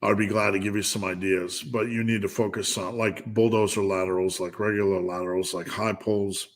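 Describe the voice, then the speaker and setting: Fairly quick and lowish, with little pitch movement, the voice belongs to a middle-aged man running a live Q&A as a strength coach. He reads viewers' questions and responds with blunt, jokey lifting guidance, frequently restarting.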